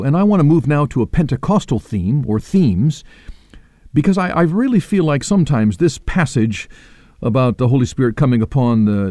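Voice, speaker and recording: A man gives a radio Bible talk in a mellow, warm voice that rises and falls with feeling. The sound is dry and close, and he speaks earnestly, stressing the words he wants to land. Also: mid-range voice, no echo. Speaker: radio Bible teacher and host.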